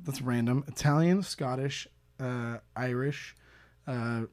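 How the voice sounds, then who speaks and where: Playful, laughing American podcast guest. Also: male voice, medium pitch, takes it slowly, a little mellow. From United States. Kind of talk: casual podcast chat.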